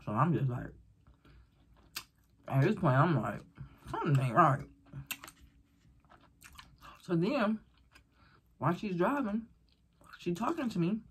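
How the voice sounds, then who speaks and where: A woman vlogger casually telling a story while eating, animated and rambling, acting out the voices of people she quotes. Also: fairly low pitch, a little slow, pauses often. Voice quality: very breathy, husky.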